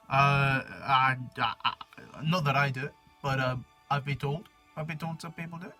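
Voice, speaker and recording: A man's voice: medium pitch, fairly even intonation, normal speed, sharp tone, soft background music. A young man chatting casually for his video, rambling with frequent swearing and jokey asides. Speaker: YouTuber. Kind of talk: casual chat reading a website on camera.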